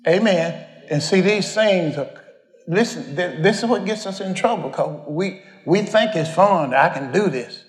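A man's voice: high-pitched, unhurried, roomy sound. An older man, preaching a folksy storytelling sermon, rambling and homespun as he addresses the congregation.

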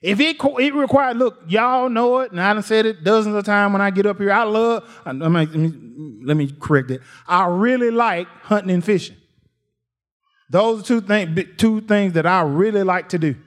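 High-voiced preacher, folksy delivery. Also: male voice, normal speed. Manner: folksy, repeats phrases, rises to near shouts. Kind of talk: sermon.

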